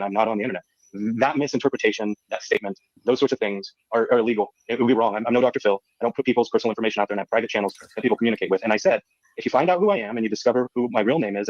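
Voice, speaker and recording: A man's voice: on the low side, dry recording. Guy on the defensive in an online argument, stumbles over his words, dull audio. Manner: defensive, halting, repeats words. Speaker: guest defending himself. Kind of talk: heated online debate.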